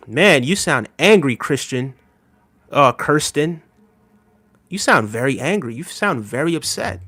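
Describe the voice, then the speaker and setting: Speaking in a mid-range, fairly bright voice with lively intonation, this podcast host reads his live chat unhurriedly, leaving long pauses. He is conversational and teasing, chuckles, and keeps dropping in "right?" asides.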